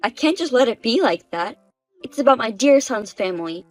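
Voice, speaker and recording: A woman's voice: fairly high pitch, animated, moderate pace, soft background music. Woman voicing a bossy, scolding mother-in-law. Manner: bossy, condescending lecturing.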